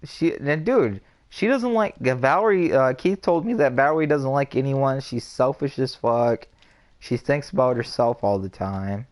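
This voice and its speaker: Young guy on a gaming headset, swearing freely while gossiping about a friend's girlfriend, mid-pitched. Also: unhurried. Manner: profane, animated gossip with quoted voices. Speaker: gamer chatting on a live stream. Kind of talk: casual chat.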